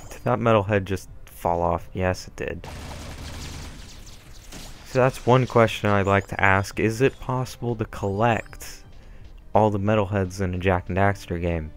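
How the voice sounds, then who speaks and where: A man's voice: on the low side, a little slow. A young man rambling through casual, self-deprecating let's-play commentary. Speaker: gameplay commentator. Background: faint game music.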